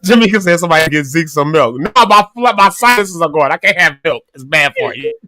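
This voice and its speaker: Lively high-voiced morning show host. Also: male voice, a little fast, dry recording, clean studio sound. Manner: laughs often, loud exclamations. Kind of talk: casual chat.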